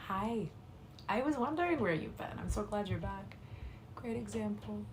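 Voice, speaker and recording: A woman reading a classic novel aloud on a livestream at a quick pace, with soft, apologetic asides to her viewers. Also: mid-range voice, lively intonation, background noise. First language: English. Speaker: livestream reader.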